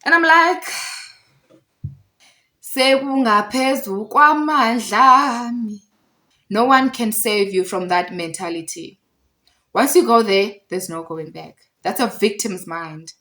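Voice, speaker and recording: A woman's voice: mid-range voice, animated, unhurried, bright, forceful tone. A woman with a South African accent telling a storytime vlog, animatedly acting out the voices of people she quotes. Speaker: vlogger. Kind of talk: storytime monologue.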